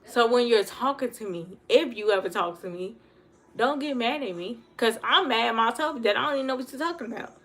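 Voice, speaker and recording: A woman talking fast and earnestly in a casual livestream monologue, repeating herself for emphasis. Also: on the high side, fairly bright tone. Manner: fast talker. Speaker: livestream host.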